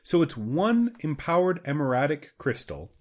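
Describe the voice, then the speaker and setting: A man's voice: a little high, big pitch swings, normal speed. A man co-hosting a video game let's play, rambling and joking in casual chat.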